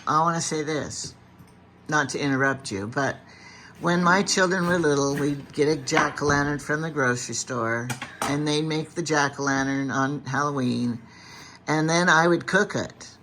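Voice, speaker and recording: A woman's voice: sits low, moderate pace, noisy background. An older woman chatting casually in a home kitchen, chiming in and adding her own stories while a man works. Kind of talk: casual chat.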